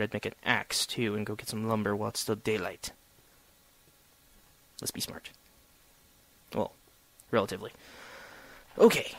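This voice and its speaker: A man's voice: on the low side, dry recording. A young man giving solo gameplay commentary, chatty and sarcastic, talking to the objects he digs at. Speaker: gamer.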